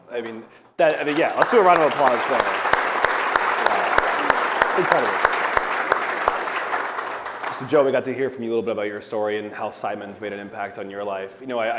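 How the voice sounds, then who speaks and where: A man's voice: fairly low pitch, noisy background. A podcast co-host moderating a panel on a stage before a live audience, upbeat and prompting his guests. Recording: long hall reverb, crowd murmur.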